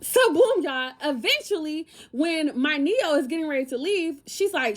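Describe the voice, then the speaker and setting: A woman's voice: high voice, animated, normal speed, hardly any pauses. A young American woman telling a casual storytime vlog, chatty and talking straight to her viewers with a lot of slang. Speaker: lifestyle content creator.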